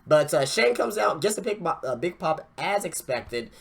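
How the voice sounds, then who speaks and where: A man's voice: on the high side, very animated, normal speed, vocal fry, slightly rough. Man, podcast host, casual wrestling review, profane, rambling, repeats and restarts. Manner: ranting, profane, stammering restarts.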